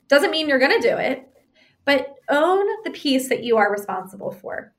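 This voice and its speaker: A woman with a somewhat high voice explains relationship advice in a relaxed, conversational way. She is animated and slips into acted-out bits of arguments, and she keeps checking in with a quick "right?". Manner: animated, acts out example arguments.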